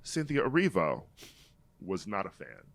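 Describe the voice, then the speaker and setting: A man co-hosting a pop-culture podcast, telling a story at an unhurried pace. His pitch rises and falls a lot, and he laughs easily. The sound is dry and close to a studio mic. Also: creaky, no echo. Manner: animated storytelling, reads quotes aloud with mock drama, laughs often. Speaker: podcast co-host. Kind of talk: casual pop-culture chat.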